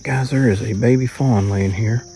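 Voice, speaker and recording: Camping in the woods, an outdoor vlogger chats casually with his viewers, calling them "y'all" in a folksy, talkative way. His medium-pitched voice has a dark tone and moves at normal speed, with faint music in the background.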